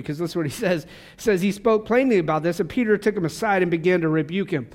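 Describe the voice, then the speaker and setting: A man's voice: high-pitched, quick pace, hardly any pauses. A man preaching a sermon to a church congregation in a fervent, conversational way, with casual asides. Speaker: pastor. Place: church service.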